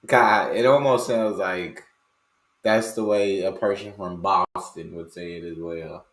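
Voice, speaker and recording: American male host, low voice, emphatic reaction commentary, echoey room sound. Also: fairly even intonation, a little slow. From United States. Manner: emphatic, repeats words back playfully.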